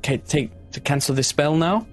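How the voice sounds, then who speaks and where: A man's voice: on the high side, soft background music, voice pushed up, natural voice. A man voicing a hesitant young woman. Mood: wary. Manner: hesitant, halting.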